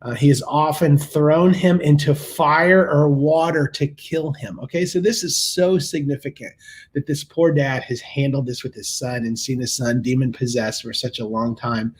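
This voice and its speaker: A man's voice: on the high side, steady tone, normal speed, a little mellow. A man hosting a casual morning show, chatting about the weekend and then reading and paraphrasing a Bible story in everyday words, with frequent restarts. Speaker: host of a morning video devotional.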